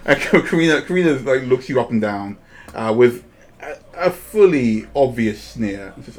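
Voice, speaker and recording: A male game master narrating a tabletop game in a relaxed, chatty way. He scatters fillers through his sentences and laughs often, his voice sitting at a middling pitch. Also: moderate pace.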